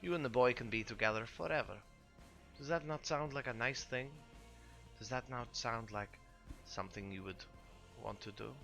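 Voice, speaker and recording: A man voicing a menacing vampire lord who coaxes quietly and coldly, in a tabletop game. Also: mid-range voice, normal speed, gravelly, faint music behind. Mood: coaxing.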